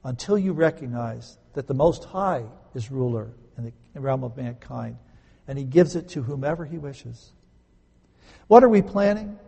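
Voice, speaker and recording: A man preaching a sermon, emphatic, swinging between loud stresses and quiet conversational asides. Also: mid-range voice, moderate pace, creaky, slightly rough. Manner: conversational, explains grammar with homely examples. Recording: echoey hall.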